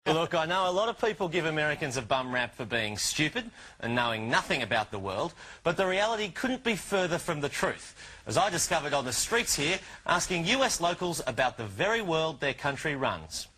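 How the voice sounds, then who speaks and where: A man doing comic street interviews outdoors in a city, asking quick, lively questions. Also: fairly high pitch. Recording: noisy street with traffic.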